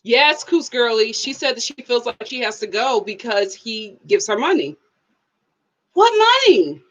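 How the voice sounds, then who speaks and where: An expressive woman with a fairly high voice hosts a live review, chatting with viewers. The recording sounds dull and lo-fi. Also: normal speed. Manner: expressive, animated, talks back to viewers. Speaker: host of a TV review channel.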